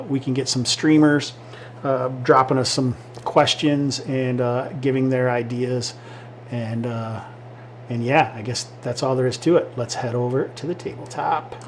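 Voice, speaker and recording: A man's voice: mid-range voice, darkish tone, a little hiss or hum. Chatty upbeat man hosting a stream. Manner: upbeat and chatty, laughs often. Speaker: game master and stream host. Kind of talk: casual livestream introduction.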